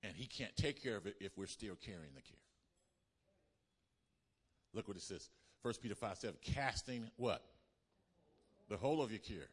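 A man's voice: fairly low pitch, lively intonation, moderate pace, pauses often, breathy edge. Man preaching in a reverberant hall. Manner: call-and-response preaching, swinging from loud emphatic to hushed. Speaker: pastor. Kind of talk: sermon.

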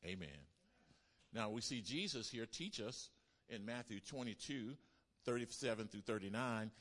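A male pastor preaching a sermon, with call-and-response lines, repeated lists and loud bursts of emphasis. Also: medium pitch, normal speed.

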